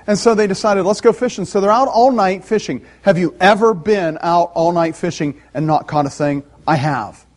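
Guy preaching, fairly high voice, gets animated and laughs a lot, does little voices for the story. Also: normal speed, hardly any pauses. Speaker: pastor. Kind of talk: sermon.

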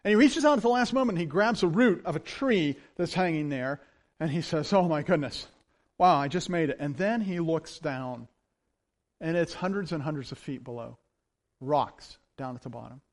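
A male pastor delivers a sermon in a relaxed, storytelling manner. His voice sits fairly high, and he moves between quiet asides and animated moments. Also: normal speed.

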